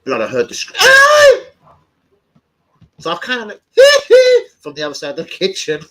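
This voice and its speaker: In poor audio, a young man with a high-pitched voice talks a little fast as he hosts his football fan channel. He swears heavily and tells animated, rowdy stories in casual chat, often yelping and laughing.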